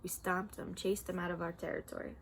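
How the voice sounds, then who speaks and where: A woman's voice: lowish voice, flat delivery, fairly quick, a little hiss or hum, close to an everyday voice. A woman reading aloud the lines of a hot-headed young male gang tough in a tense, pleading way.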